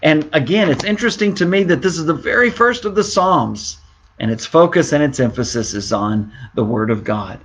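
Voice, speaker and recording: A man's voice: on the high side, expressive, normal speed, fairly bright tone, slight background noise. A middle-aged man teaching a devotional Bible lesson as a pastor, earnest and enthusiastic, often repeating words for emphasis.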